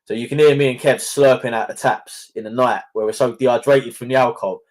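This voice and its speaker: A man speaks fast in a relaxed podcast chat. He tells anecdotes full of swearing and laughs along as he goes. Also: mid-range voice. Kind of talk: casual chat.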